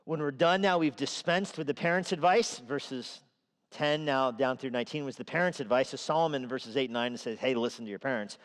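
A pastor preaches a sermon conversationally in a church sanctuary, sometimes acting out the voices of those he quotes. His voice is medium-pitched at a moderate pace, and it sounds like a large hall.

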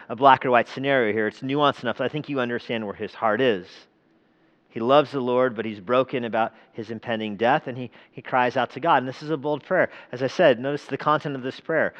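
Animated preacher man, lo-fi sound. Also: fairly high pitch. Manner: animated, conversational preaching with chuckles. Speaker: pastor. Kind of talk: sermon. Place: church.

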